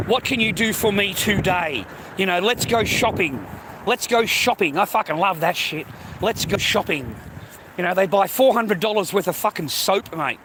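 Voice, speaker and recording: A man's voice: high voice, background noise. An Australian man hosting a livestream, ranting bluntly at his viewers in a profane, slangy, lecturing way. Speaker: livestream host.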